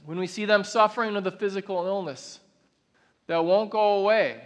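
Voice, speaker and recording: A man preaching a sermon to a large congregation, earnest, slowing down to stress key lines. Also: high-pitched. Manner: earnest, builds to emphatic slow declarations. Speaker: pastor. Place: large church auditorium. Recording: long reverb of a large hall.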